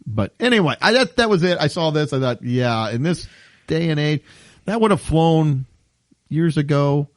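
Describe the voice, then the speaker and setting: A man co-hosts a comedy podcast, reading strange news stories aloud and joking about them with lots of laughter. His voice sits a little high and sounds animated, moving at a moderate pace in a dry recording.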